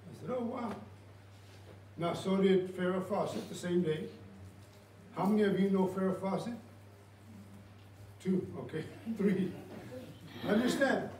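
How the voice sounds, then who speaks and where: A pastor delivers his sermon in a high-pitched voice, moving between storytelling and prayer. The sound is roomy and comes from some way off the mic, with faint room noise behind it. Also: measured pace, pauses often. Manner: storytelling preacher, drops to a hush for prayer. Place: church sanctuary. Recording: roomy church sound from far off.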